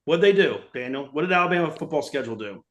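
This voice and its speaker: A man's voice: a little high, fast talker. A man co-hosting a sports podcast, ranting and cursing in casual chat. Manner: profane, animated ranting. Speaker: podcast co-host. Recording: roomy echo.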